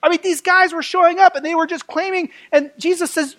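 Male preacher, animated and conversational, voices the people he quotes. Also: very high voice, brisk. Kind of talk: sermon.

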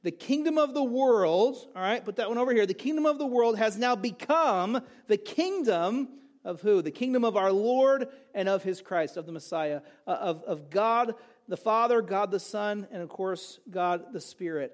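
A man's voice: high voice, expressive, normal speed. A middle-aged male pastor giving a sermon in a conversational way, asking rhetorical questions and joking with the congregation.

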